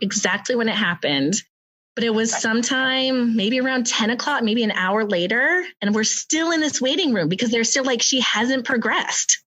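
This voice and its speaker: Animated woman telling a birth story. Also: a little high, lo-fi sound. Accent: American. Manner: animated, many fillers, acts out quotes with laughter. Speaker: podcast guest telling her birth story. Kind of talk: casual storytelling chat.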